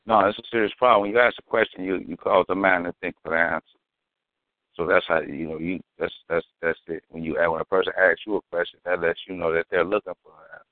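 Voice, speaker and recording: In a casual podcast chat, a man who co-hosts talks fast in a low, steady voice, emphatic and slangy as he tells stories. The lo-fi recording is dry, with a phone-like quality.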